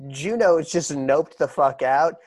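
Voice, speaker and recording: A man's voice: on the high side, a little slow, darkish tone. A man co-hosting a casual podcast, making wry jokes. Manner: wry, joking. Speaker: podcast co-host. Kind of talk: casual chat.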